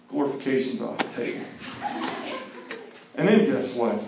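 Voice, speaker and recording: A middle-aged man from Mississippi giving a lively, joking talk to teenagers, acting out movie scenes. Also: mid-range voice, unhurried, gravelly, long pauses, a little hiss or hum. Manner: animated, jokey, acts out movie scenes and sings snatches. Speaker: speaker to a teen group. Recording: echoey hall from far off.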